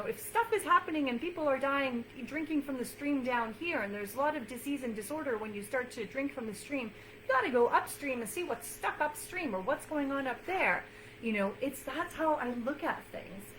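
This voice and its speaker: Speaking casually to camera, a nutrition coach encourages her viewers earnestly, often repeating phrases and filling pauses with fillers. She has a slightly high, somewhat bright voice, captured in poor audio with a bit of background noise.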